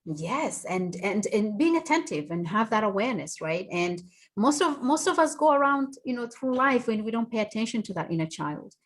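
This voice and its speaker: A woman's voice: on the high side, sing-song, normal speed. A woman hosting a radio talk show, thanking and affirming her guests with some restarts. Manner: warm, affirming, with fillers and restarts. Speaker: host.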